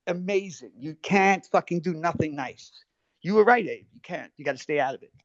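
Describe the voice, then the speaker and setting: Agitated high-voiced man on a live stream. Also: animated, moderate pace, no room sound. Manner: agitated, defensive, swearing, keeps cutting in. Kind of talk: heated live-stream argument. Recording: dull lo-fi stream audio.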